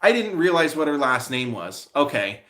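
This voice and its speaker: A man's voice: a little high, big pitch swings, normal speed, bright, forceful tone. A man hosting a casual live stream, rambling along with lots of fillers as he answers viewers' comments.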